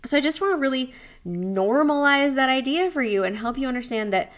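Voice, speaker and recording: A woman's voice: high voice, lively intonation, brisk. Chatty woman podcast host, laughs often. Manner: chatty and candid, laughs often, acts out inner voices. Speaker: podcast host and wellness coach. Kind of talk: solo podcast talk.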